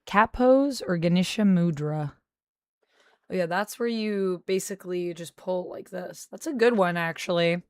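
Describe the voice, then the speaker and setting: Slow, playful woman streamer. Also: fairly low pitch, clear, resonant tone, dry recording. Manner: playful, teasing banter with chat. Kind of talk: casual live-stream chat.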